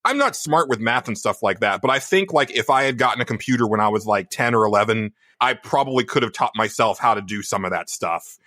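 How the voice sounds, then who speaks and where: Podcast co-host, man, bright tone, close dry mic, rambling casual talker. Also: medium pitch, expressive, brisk, hardly any pauses, no room sound. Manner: rambling, heavy use of "like". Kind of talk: casual chat.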